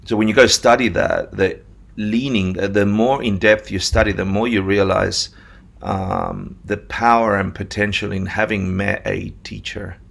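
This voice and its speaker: A man from Argentina with a mixed Australian-Argentine accent, telling his story as a meditation teacher in a casual interview, animated and laughing often. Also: lowish voice, unhurried, vocal fry. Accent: Australian-Argentine mix.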